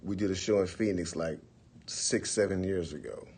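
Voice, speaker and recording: A man in his forties telling a long, profane story on a livestream, acting out the quotes in bursts of loud, animated talk. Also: deep voice, normal speed, breathy edge. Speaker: livestream host. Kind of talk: casual storytelling.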